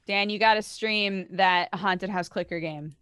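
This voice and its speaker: A woman co-hosting a podcast, chatting in a relaxed, easygoing way. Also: mid-range voice, a little slow, clean tone. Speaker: podcast co-host. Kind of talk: casual podcast chat.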